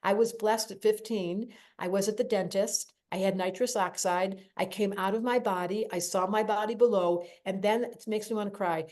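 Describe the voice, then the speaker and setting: A woman hosting a podcast interview, telling personal stories in an animated, emotional way. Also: medium pitch, normal speed, hardly any pauses. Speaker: podcast host. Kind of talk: conversational interview.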